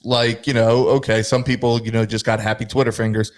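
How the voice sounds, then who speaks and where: A young man hosting a casual podcast, telling a story with lively acted-out quotes. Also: mid-range voice, fairly quick. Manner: animated, acts out quotes. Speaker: podcast host.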